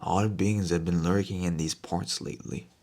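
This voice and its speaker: A man's voice: sits low, steady tone, normal speed, darkish tone. A man voicing a suspicious old village doorman who speaks harshly and bluntly. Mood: wary. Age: older.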